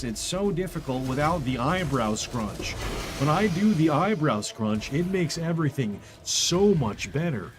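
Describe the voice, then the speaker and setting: Male game streamer, casual chat, joking, lively pitch, slightly high voice, game music playing. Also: normal speed. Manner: joking, animated, self-mocking. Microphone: studio condenser mic.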